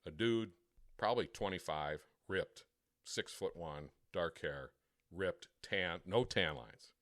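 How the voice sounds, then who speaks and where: A man co-hosting a podcast, telling a crude, profane story with plenty of swearing and quick imitations of other people. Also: low voice, fairly bright tone, no room sound, clean studio sound. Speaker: podcast co-host. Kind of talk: casual storytelling chat.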